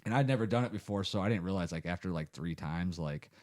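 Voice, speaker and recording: A man's voice: low-pitched, fast talker, darkish tone. A man in his thirties from Ohio, hosting a podcast and telling rambling stories in casual chat, swearing a lot. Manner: rambling storyteller, heavy swearing. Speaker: podcast host.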